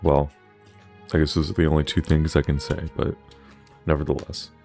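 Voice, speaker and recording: A man's voice: extremely low pitch, little pitch movement, normal speed, vocal fry, mellow, soft background music. A young man chatting casually over gameplay, rambling with lots of filler words. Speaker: gaming channel host.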